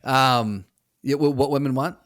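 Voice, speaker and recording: A man's voice: mid-range voice, measured pace, fairly bright tone, slight background noise. A man co-hosting a podcast in casual chat, rambling through joking guesses and repeating words while he thinks. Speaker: podcast co-host.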